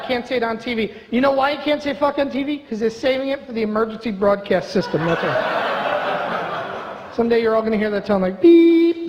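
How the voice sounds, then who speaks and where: A middle-aged man doing a stand-up comedy set in a club, brash, profane and mock-outraged. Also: very high voice. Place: comedy club stage before a live audience. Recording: reverberant club with audible ambience.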